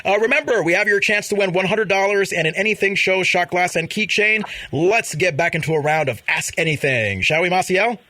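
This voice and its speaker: Bright-voiced chatty male podcast host. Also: high voice, brisk, hardly any pauses. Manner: chatty, laughs often, reads news items. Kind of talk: casual gossip chat. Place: studio in Vermont.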